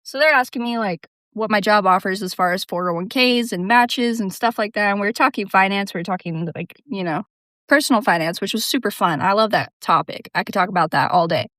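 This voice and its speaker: A woman's voice: medium pitch, a little fast, a bit bright, no room sound, clean studio sound. A young woman telling a casual storytime rant about work, sarcastic, swearing and laughing often. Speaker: vlogger.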